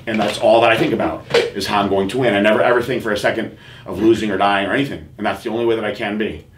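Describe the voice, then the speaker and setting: A low-voiced man tells a personal story on a podcast, earnest and halting, restarting his sentences often. The room rings a little around him, and faint noise sits underneath. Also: steady tone, echoey room. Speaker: podcast host.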